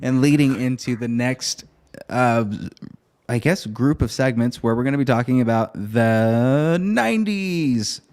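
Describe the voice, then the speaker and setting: Casting: young male podcast co-host, mid-pitched, jokey, fake-outraged banter. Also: steady tone, unhurried, a little mellow. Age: young adult. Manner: joking, playfully mock-angry. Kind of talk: casual chat.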